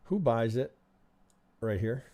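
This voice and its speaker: A man's voice: mid-range voice, animated, slow, warm tone. A man teaching trading on a live stream, reviewing charts in a chatty way and often asking "right?". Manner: conversational, keeps asking "right?", thinks aloud. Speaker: trading instructor.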